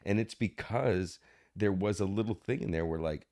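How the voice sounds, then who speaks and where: A man with a fairly low-pitched, slightly mellow voice speaks at a normal speed as an actor guest on a podcast. His conversation is reflective, and he acts out the people who appear in his stories.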